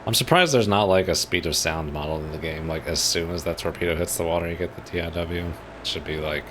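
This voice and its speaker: A man's voice: low-pitched, brisk, noisy background. A man streaming a naval game, musing aloud in casual commentary. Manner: laid-back, musing aloud.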